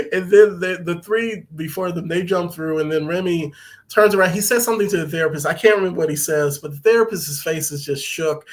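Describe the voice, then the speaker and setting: A man's voice: high-pitched, fairly quick. Laughing, chatty man recapping an episode. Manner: loose, profane, laughs often, many fillers. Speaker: podcast host recapping an episode. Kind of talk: casual recap chat.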